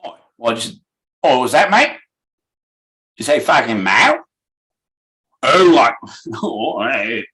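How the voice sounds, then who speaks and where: A man's voice: medium pitch, big pitch swings, takes it slowly, pauses often, bright, forceful tone, full character voice, rough recording. A man voicing a crude, blunt Australian bloke with an Australian accent who swears constantly.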